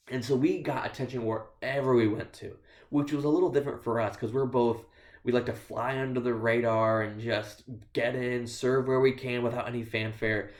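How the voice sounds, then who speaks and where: Echoey male missionary telling stories. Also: mid-range voice. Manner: storytelling with dry self-deprecating humor. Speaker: missionary speaker. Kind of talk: missionary report in church. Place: church sanctuary. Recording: echoey church room.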